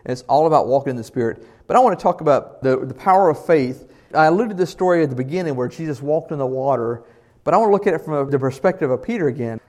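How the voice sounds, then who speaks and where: An earnest male pastor with a somewhat high voice preaches a sermon at a fast clip with lively intonation. He builds to loud, emphatic passages, then falls to soft tones, and he poses questions to the congregation.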